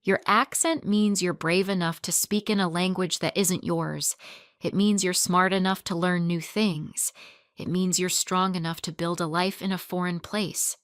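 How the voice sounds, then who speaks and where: A woman's voice: fairly low pitch, fairly even intonation, unhurried, clear, resonant tone, no room sound, studio quality, natural voice. A woman voicing a fierce, proud older mother who speaks emphatically.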